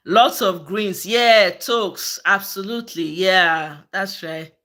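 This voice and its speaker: A woman's voice: medium pitch, slow, bright, forceful tone. A woman with a Nigerian accent hosting a casual live-stream chat, switching into Pidgin and answering viewers by name. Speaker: host of a live political chat channel.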